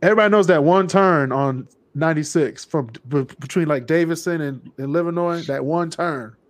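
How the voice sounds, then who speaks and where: A man hosting a casual podcast chat, animated and joking, often mimicking people. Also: fairly high pitch, moderate pace. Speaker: podcast host.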